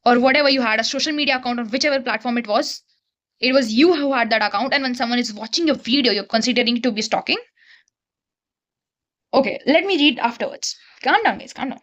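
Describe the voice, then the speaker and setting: A woman's voice: fairly high pitch, fast, fairly bright tone, lo-fi sound. A young woman, reviewing a book to camera in an exasperated, ranting way. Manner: exasperated, ranting, talks straight to viewers.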